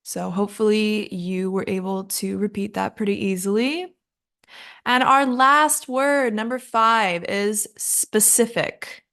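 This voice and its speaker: A woman, possibly, gives a casual spoken lesson on English pronunciation in a steady, mid-range, slightly bright voice. She is chatty and pokes fun at herself, laughing at her own slips. She stretches out the words she models slowly and sounds tired after recording several episodes back to back.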